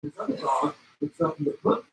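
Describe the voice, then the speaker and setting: A man telling wildlife photography stories to an expo audience, excitable and loud at the peaks, acting out the animals. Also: fairly quick, echoey room, recorded from a distance, background noise. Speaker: wildlife photographer giving a talk. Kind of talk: animated storytelling presentation. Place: expo hall. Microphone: handheld mic.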